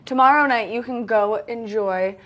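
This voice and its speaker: A woman co-hosting a local TV morning show, talking enthusiastically and rushing through event listings until she runs short of breath. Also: fairly high pitch, a bit bright. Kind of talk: upbeat local TV chat.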